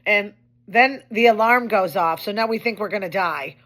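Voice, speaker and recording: A woman's voice: mid-range voice, normal speed, fairly bright tone. A woman hosting her own show, talking in a chatty, wry way with complaining asides. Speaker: host. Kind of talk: casual monologue commentary.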